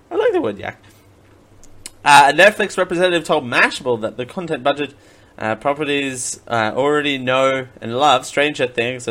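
A man's voice: mid-range voice, bright, forceful tone. A man hosting a casual comedic live stream, laughing often and making silly mouth sound effects. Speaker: live-stream show host.

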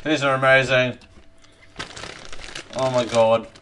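Male host, mid-pitched, excitable, chatting with his mouth full. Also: slow, a little hiss or hum. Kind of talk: casual live-show chat, taste-testing snacks on air.

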